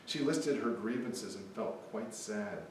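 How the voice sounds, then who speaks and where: A man's voice: lowish voice, expressive, a little slow, far from the mic, a little hiss or hum. Man reading poems in an echoey hall. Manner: chatty, offhand asides between poems. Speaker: poet. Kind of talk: live poetry reading. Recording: echoey hall, mic from afar.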